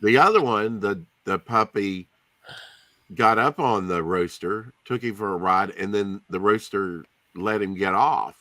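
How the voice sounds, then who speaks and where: A man hosting a casual live stream in a relaxed, teasing, rambling way. His voice is very low. The sound is dry and close. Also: unhurried, no room sound. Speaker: host.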